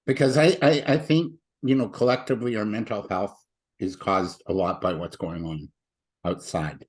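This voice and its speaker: A man's voice: on the low side, normal speed, husky. Chatty man telling a story. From Canada. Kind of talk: conversational interview.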